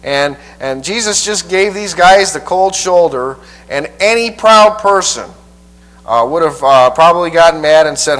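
Folksy, halting man preaching a sermon. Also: fairly high pitch, lively intonation, a bit bright, rough recording. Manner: folksy and halting, with frequent repeats. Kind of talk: verse-by-verse Bible teaching.

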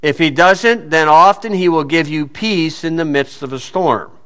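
A man's voice: a little high, moderate pace, fairly bright tone. A man preaching a sermon in a folksy, plain-spoken way, often putting rhetorical questions to his listeners.

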